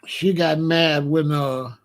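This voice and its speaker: A man in his sixties giving a rambling comedic monologue as host, telling stories with animated disbelief and laughter. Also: fairly high pitch, takes it slowly. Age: 60s. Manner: animated, incredulous storytelling with laughs.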